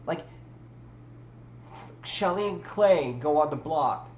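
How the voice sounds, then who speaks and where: A woman's voice: sits low, expressive, slow pace, a little mellow, dull audio. A woman hosting a casual livestream, rambling with restarts and talking to her chat. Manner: rambling, many restarts and fillers, talks to chat. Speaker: livestream host. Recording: roomy with faint background hum.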